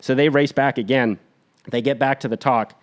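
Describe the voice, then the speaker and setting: A man on a podcast retelling a war story in an energetic, blunt, profane way. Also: mid-range voice, normal speed.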